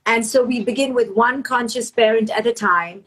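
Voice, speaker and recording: A middle-aged woman with a husky, slightly high voice speaks quickly and emphatically as a guest author. She sometimes acts out the voices of the people she quotes. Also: a bit bright, rough recording. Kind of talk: conversational interview.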